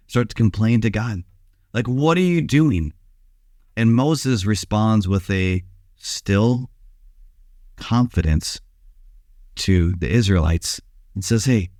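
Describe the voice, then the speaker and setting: A male pastor giving a short daily devotional, preaching in a relaxed, conversational way with some filler sounds. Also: fairly low pitch, no room sound, studio quality.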